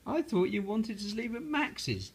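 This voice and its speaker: A patient mother frog calls out to her son in a storybook read-aloud, voiced by a man. The voice goes up high and swoops, fond but firm, with a husky grain. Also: lively intonation, a little slow, full character voice. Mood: calling. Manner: calling out loudly, fond and firm.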